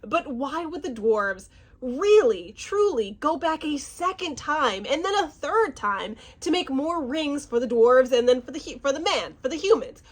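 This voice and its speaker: High-pitched woman rambling through a show review, lively, trips over names, dodges swearing. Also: unhurried. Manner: animated, restarts words, stumbles over names, avoids cursing. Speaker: fantasy series reviewer. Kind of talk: casual reaction review.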